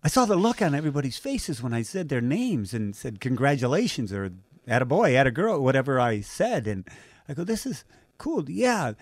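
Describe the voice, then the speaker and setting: A man's voice: mid-range voice, fairly quick, dry recording. An older man from Southern California talks through his stories in a loose, chatty way. He slips into quoted voices and laughs easily. The sound is dry and close, with no room in it. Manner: animated anecdotes, acts out quoted voices, laughs often. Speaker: guest, race announcer. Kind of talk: casual interview storytelling.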